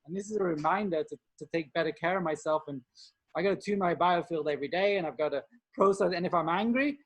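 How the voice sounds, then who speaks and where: A man's voice: high voice, fast. Earnest man rambling with fillers. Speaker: co-host. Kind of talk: casual spiritual chat.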